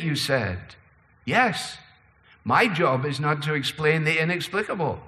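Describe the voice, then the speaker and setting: A man preaching a sermon, shifting between slow, low passages and quicker, higher ones. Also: animated, sharp tone, big-room sound. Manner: preaching with sweeping pitch and pace changes. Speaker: pastor.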